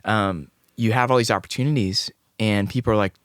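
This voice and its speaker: Low, smooth-voiced young man telling a story. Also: a little fast, no echo, clean studio sound. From Des Moines, Iowa. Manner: rambling, animated anecdote with quoted dialogue. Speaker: singer-songwriter guest. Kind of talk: casual storytelling interview.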